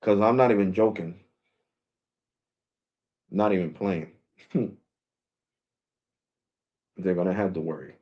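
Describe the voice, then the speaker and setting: Low-voiced slangy man vlogging. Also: takes it slowly, long pauses, muffled recording. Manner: loose, slangy and repetitive. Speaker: tech vlogger. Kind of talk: casual talk to camera. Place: his home.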